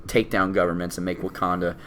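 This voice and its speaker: A man co-hosting a casual movie review chat, animated, laughing often and acting out quoted lines. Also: low voice, fast, slight background noise. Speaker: podcast co-host.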